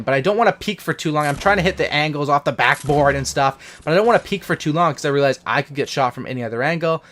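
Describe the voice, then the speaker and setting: A young man with a fairly high voice walks through his own match in post-game commentary, casual and excited. He talks like a gaming channel host to his viewers, hyped about every play. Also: fast, few pauses, slight background noise. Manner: hyped, casual gamer talk.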